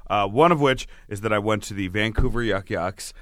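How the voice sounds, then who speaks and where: A man's voice: fairly low pitch, brisk, no echo, studio quality. A man, a comedian, telling stories in casual podcast chat, swearing freely and acting out what people said. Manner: animated, swears a lot, acts out quotes.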